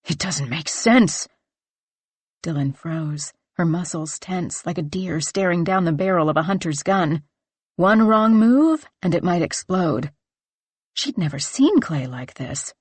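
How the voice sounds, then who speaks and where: A woman narrating a horror novel in a measured, dramatic reading on a close studio mic. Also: fairly low pitch, expressive, breathy edge, no echo. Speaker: audiobook narrator.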